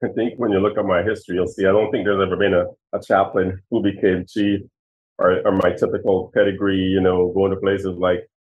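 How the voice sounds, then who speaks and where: Over a tinny, phone-like line, a Jamaican man in his sixties, a retired police chief, answers interview questions as a guest. He tells personal stories earnestly and with emotion. His deep, darkish voice stays fairly flat in pitch and moves briskly.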